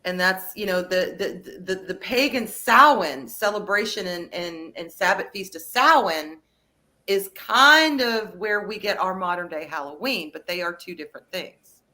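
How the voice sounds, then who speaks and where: A woman co-hosting a casual chat, lively and laughing often, her voice jumping up high when she gets excited. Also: a little slow.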